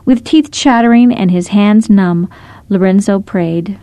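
A woman narrating short scripted stories in a gentle, measured storytelling manner. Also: medium pitch, dry recording.

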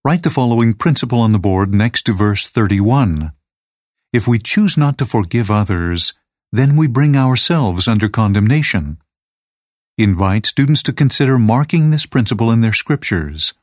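A man reading aloud a teacher's lesson manual in a measured, even, scripted way. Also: medium pitch, no echo, studio quality.

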